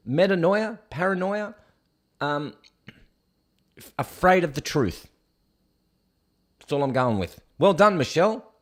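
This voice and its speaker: A man hosts a casual news show in a sarcastic, scoffing tone as he rants about each headline. His voice sits a little high. It swings up and down a lot as he reacts. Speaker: show host. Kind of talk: casual news commentary rant.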